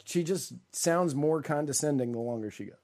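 A man's voice: a little high, normal speed, a little mellow. A man co-hosting a casual political podcast, talking sarcastically and in rambling runs. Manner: sarcastic, rambling, laughs often. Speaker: co-host.

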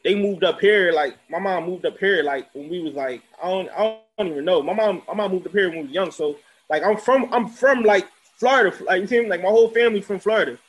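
A man's voice: high voice, fast talker. A young man with a Philadelphia accent, a music promoter chatting casually as an interview guest, rambling with lots of fillers. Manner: laid-back, filler-heavy rambling.

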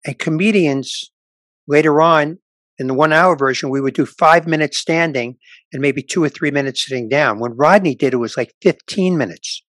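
A man's voice: a little high, normal speed, no room sound. Older man telling a comedy anecdote. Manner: animated anecdote teller, quotes people in voices. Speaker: stand-up comedian, guest. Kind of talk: casual storytelling interview.

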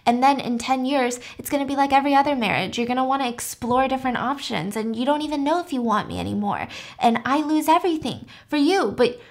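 Woman reading as scheming young patient, wheedling and persuasive, her own slightly high voice. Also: fast, hardly any pauses. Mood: persuading. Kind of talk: casual recap with quoted lines.

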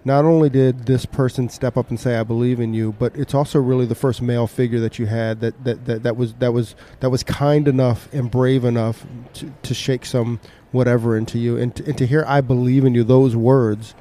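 A man's voice: mid-range voice, level tone, brisk, hardly any pauses, dark tone. A man interviewing a guest, earnest, repeating words as he searches for what to say. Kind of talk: interview conversation.

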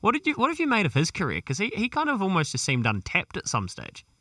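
A man's voice: sits high, huge pitch swings, fast, bright, forceful tone, no echo, clean studio sound, far from the mic. A man hosting a podcast, asking long, rambling, friendly questions. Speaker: podcast host. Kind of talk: casual interview questions.

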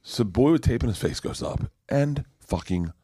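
A middle-aged man, a comedian guest, telling a story in casual, profane, animated chat. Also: medium pitch, normal speed, breathy edge, no echo, studio quality. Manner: profane, animated, acts out quotes.

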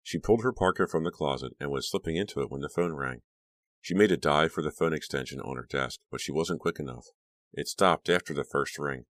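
Audiobook narrator, male, very deep voice, dry close sound, measured storytelling. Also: dry recording.

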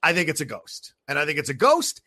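A young man tells a spooky story to his co-host, swearing often and acting out what he heard. His voice is bright and rises and falls in wide swings. It sounds dry and close to the mic. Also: fairly high pitch, fairly quick, no room sound. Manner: animated, profane, acts out voices in his story. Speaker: podcast co-host. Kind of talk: casual storytelling chat.

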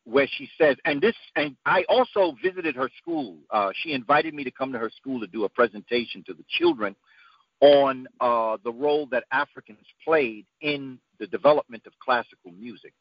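A man giving an emphatic, preacherly talk whose voice climbs to high peaks. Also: very animated, normal speed, no echo. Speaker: guest speaker. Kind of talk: impassioned lecture-style talk. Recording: dull lo-fi dry sound.

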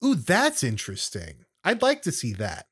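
A man in casual podcast chat, rambling and joking through his asides. His voice sits at an everyday middle pitch, and his delivery is loose and conversational. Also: wildly swooping pitch, normal speed, fairly bright tone, husky. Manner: chatty and jokey, with many fillers and asides. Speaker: wrestling podcast co-host.

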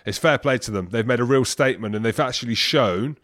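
A man's voice: medium pitch, fast, a bit bright, no echo, clean studio sound. A man co-hosting a podcast, chatting in a rambling, bantering way. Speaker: podcast co-host. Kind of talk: casual chat.

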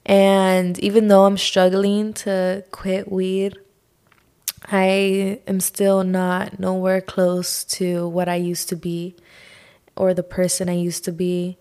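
A young woman hosting her own podcast, talking through a personal struggle in a slow, heartfelt monologue full of sighs and "like". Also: mid-range voice, completely flat delivery, darkish tone, clean tone. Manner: slow, sighing, heartfelt, says "like" often. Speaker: podcast host.

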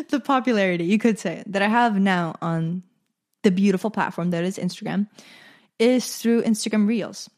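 A woman's voice: medium pitch, a little mellow. Young woman, podcast host, casual solo chat, playful and self-amused; natural mid-range voice. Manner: chatty and self-amused, laughs at own jokes.

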